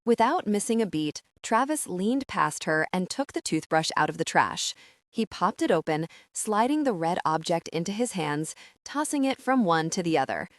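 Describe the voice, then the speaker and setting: Expressive woman narrating a romance. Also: fairly low pitch, moderate pace, dry recording, clean studio sound. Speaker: audiobook narrator.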